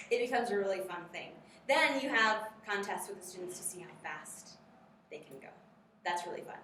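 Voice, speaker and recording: A woman's voice: mid-range voice, background noise. A woman training teachers in a workshop lesson, upbeat and drilling rhythmic grammar chants. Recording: very echoey room, mic far off.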